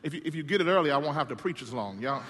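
A male pastor preaching a sermon in an animated, repetitive call-and-response manner. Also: fairly high pitch, very fast, in a large hall, background noise.

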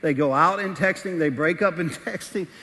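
A man preaching a sermon as pastor. He is animated, moving between quiet asides and shouting, in a large church auditorium. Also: on the high side, moderate pace, big-room sound.

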